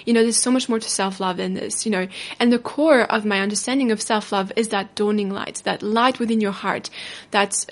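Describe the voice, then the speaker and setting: A woman hosting a podcast as a self-love coach, telling a personal story in a reflective way that slows down on emotional words. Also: medium pitch, steady tone. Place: indoor studio.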